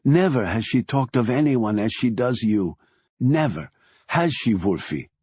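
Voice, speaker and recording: A man voicing a reserved, anxious mother who speaks quietly. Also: mid-range voice, lively intonation, unhurried, breathy edge, no room sound. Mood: tender. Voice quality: quiet, soft-spoken. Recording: dull lo-fi recording.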